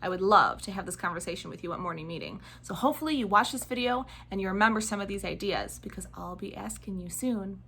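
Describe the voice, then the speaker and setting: A woman teaching kindergartners in a video lesson, speaking slowly and clearly in an encouraging way. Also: medium pitch, sharp tone. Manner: slow, clear and encouraging, acting out children's voices. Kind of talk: video lesson for young children.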